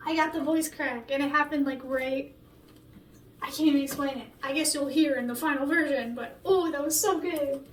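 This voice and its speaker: A young woman, a singer-songwriter, chatting excitedly and rambling with lots of filler words during a vocal recording session vlog. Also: sits high, moderate pace, slight background noise. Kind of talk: behind-the-scenes vlog commentary. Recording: echoey room heard from a distance.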